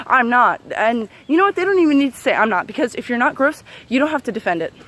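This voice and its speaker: A woman's voice: high-pitched, very animated, fast talker, a bit bright. A young woman ranting heatedly to camera as a vlogger, profane and sarcastic, with many fillers. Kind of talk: angry unscripted rant to camera.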